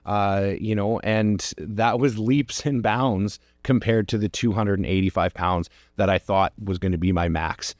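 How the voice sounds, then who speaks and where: A man's voice: lowish voice, fairly even intonation, unhurried, hardly any pauses, no room sound, clean studio sound. A man hosting a podcast, telling a personal story in an earnest, reflective way and encouraging his listeners. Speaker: podcast host.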